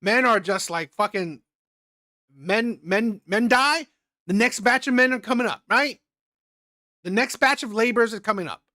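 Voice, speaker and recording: A streamer reacts to a clip with blunt, opinionated commentary, emphatically repeating his points, swearing some, and tagging lines with "right?" His voice is high-pitched, bright and forceful, moving at a moderate pace with frequent pauses. The audio is studio quality with no room sound.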